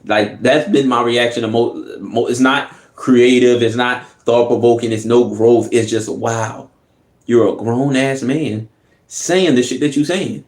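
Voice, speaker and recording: A man's voice: medium pitch, fairly even intonation, unhurried. Laughing, slangy man reacting. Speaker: reaction video host. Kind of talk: casual reaction commentary. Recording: echoey room.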